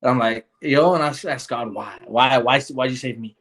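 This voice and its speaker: A man's voice: mid-range voice, a little fast, fairly bright tone. A young man telling his story in a casual interview, earnest and rambling, with many fillers and restarts. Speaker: guest.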